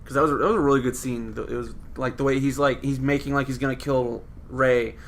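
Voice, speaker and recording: A young man in casual chat with friends, chiming in with quick corrections and jokes. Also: medium pitch, steady tone, slight background noise.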